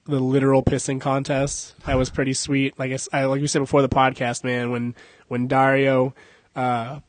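A man's voice: medium pitch, completely flat delivery, normal speed, dry recording. A young adult man hosting a casual podcast, joking, cursing and laughing a lot. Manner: profane, joking, laughs often. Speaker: podcast host.

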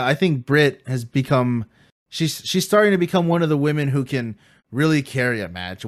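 A man's voice: mid-range voice, no echo, clean studio sound. A man co-hosting a podcast, recapping matches casually with lots of fillers and easy laughter. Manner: laughs easily, many fillers. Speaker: podcast co-host.

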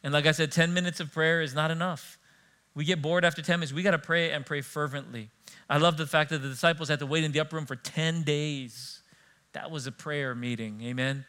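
A middle-aged man, a pastor preaching a sermon in church, animated and conversational, telling stories with asides to the congregation. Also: fairly high pitch, brisk, clear, resonant tone.

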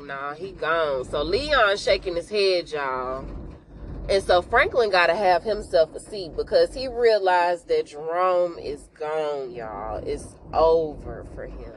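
A woman hosting a podcast, telling an episode recap in a casual, animated way and calling out to listeners, with emotional exclamations. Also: fairly low pitch, a little hiss or hum, low-quality recording. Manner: animated storytelling, addresses listeners with "y'all".

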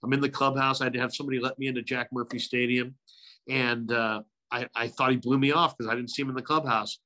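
Bright-voiced middle-aged sportscaster. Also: male voice, mid-range voice, fast. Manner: animated anecdotes, frequent impressions. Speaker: sports radio broadcaster, guest. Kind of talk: casual interview storytelling.

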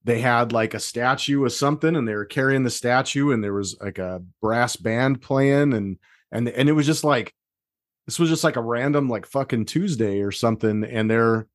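A man's voice: medium pitch, normal speed, dry recording. Man co-host, rambling and casually profane, in a dry room. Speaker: podcast co-host. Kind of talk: casual podcast chat.

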